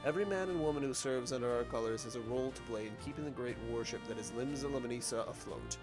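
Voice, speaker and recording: A man's voice: mid-range voice, fast talker, natural voice. A man voicing a stern male naval recruiting officer, formal and over-pronounced, with game music behind.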